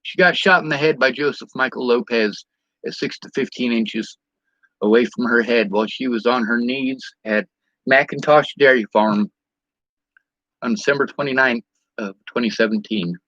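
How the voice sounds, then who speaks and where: A man's voice: medium pitch, normal speed, a bit bright, dry recording. Bitter man ranting on a dull, lo-fi recording. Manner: bitter, swearing, indignant. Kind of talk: angry personal vlog rant.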